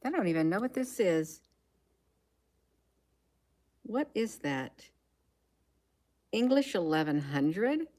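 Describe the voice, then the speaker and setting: With a medium-pitched, sing-song, darkish voice, this woman talks slowly and pauses often. She's a US livestream host reading headlines aloud in a casual setting, musing to herself and frequently trailing off with ums.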